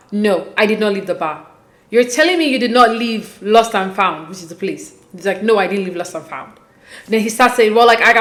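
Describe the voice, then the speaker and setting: A woman hosting a casual, animated recap, talking conversationally and acting out quotes as she goes. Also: medium pitch, roomy sound. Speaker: podcast host recapping a reality show.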